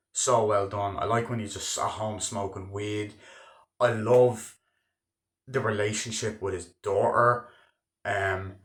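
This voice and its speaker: A young man giving a casual spoken movie review, excitable and swearing freely, jumping into loud acted-out bits of scenes. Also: fairly low pitch. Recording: echoey room.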